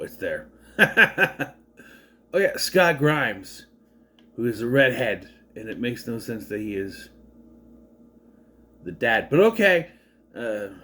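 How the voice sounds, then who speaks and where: A man's voice: mid-range voice, fairly bright tone. Wry rambling man recapping a movie. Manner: wry, digressive, lots of restarts and asides. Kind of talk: casual rambling film recap.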